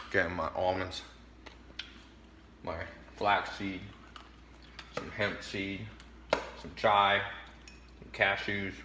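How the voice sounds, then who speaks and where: Bright-voiced man preaching patience to camera. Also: lowish voice. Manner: emphatic, preachy, chuckles between points; talks while eating. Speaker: vlogger giving life advice. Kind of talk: casual motivational monologue to camera.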